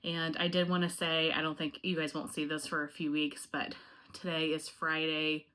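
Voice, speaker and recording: A woman's voice: low voice, flat delivery, normal speed, bright, forceful tone. A woman chatting casually and directly to her viewers in a home review vlog, friendly and rambling. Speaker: home fragrance YouTuber.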